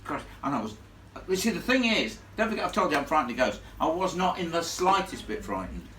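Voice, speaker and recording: A man telling a ghost story live to an audience, in a blunt, animated way with plenty of salty asides. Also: a little high, brisk, slight background noise. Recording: echoey room filmed from far off.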